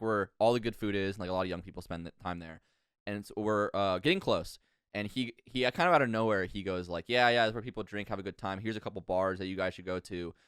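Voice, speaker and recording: A young man in his twenties, co-hosting a podcast and telling a story in casual chat, full of fillers and quick laughs. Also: low-pitched, fairly bright tone, clear, resonant tone, no room sound, studio quality. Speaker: podcast co-host.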